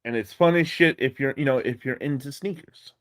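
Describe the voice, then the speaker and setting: A man with a New York accent hosting a casual live stream, excitable and swearing freely as he greets viewers. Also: medium pitch, a little fast.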